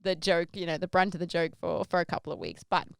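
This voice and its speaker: A young woman telling a story casually as a podcast host, animated and acting out the quoted voices. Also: fairly low pitch, fast, gravelly, clear, resonant tone, no echo, clean studio sound.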